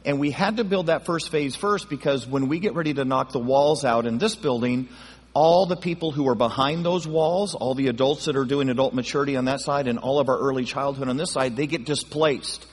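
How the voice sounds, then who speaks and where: Male pastor, mid-pitched, chatty teaching tone, congregation-facing, long church reverb. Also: a little fast, husky. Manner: conversational, folksy, checks in with the audience. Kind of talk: midweek Bible teaching to a congregation. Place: church auditorium.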